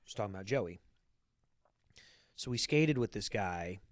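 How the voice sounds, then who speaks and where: A man's voice: fairly low pitch, expressive, measured pace, no room sound, studio quality. Blunt, swearing male podcast host. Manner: blunt, heavy swearing, repeats words when starting. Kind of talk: casual profane chat.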